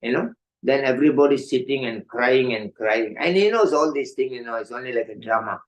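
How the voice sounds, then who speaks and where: An older man telling stories in an evening class, animated, laughing often and acting out voices, with many "you know" fillers. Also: medium pitch, fairly quick, rough recording. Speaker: monk giving an evening class. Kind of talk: storytelling sermon.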